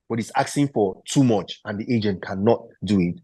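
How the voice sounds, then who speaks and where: A man in his thirties, a former footballer and interview guest, telling a story and acting out the quoted dialogue in an animated way. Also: mid-range voice, a little fast, hardly any pauses, breathy edge, no echo.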